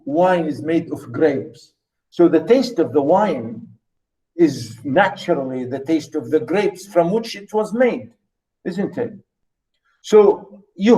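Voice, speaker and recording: Older man lecturing slowly, emphatic. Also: high-pitched, darkish tone, poor audio. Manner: emphatic, repeats phrases, restarts often. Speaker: literature lecturer. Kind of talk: university lecture.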